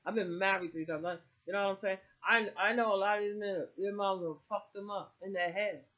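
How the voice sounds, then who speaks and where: A woman's voice: medium pitch, steady tone, a little fast, fairly bright tone. Woman, middle-aged, casual heated rant, swears constantly, rambles, muffled lo-fi recording. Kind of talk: casual political rant to camera.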